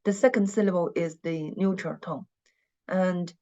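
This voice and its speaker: A woman teaching an online language class, speaking slowly and patiently and having students repeat after her. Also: lowish voice, a little mellow, muffled recording. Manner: slow, patient, repeats words for students to echo.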